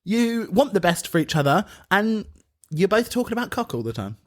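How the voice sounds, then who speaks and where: Speaking at a moderate pace in a voice that sits high, this British man co-hosts a podcast and spins stories in relaxed conversation, frequently laughing and imitating the voices of others.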